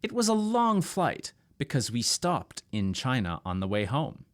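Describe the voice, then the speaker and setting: A male English teacher from Canada leads a pronunciation lesson. He speaks at an unhurried pace with very expressive, rising and falling intonation. Every word is enunciated carefully for the learner to repeat. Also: mid-range voice. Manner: slow, clearly enunciated drills with repetition.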